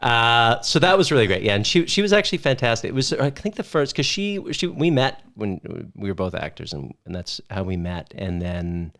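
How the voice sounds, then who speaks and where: A man in his thirties chatting casually as a podcast guest, rambling and correcting himself, with quick jokes. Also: on the low side, expressive, gravelly, fairly bright tone. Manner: rambling, self-correcting, joking. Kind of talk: casual chat.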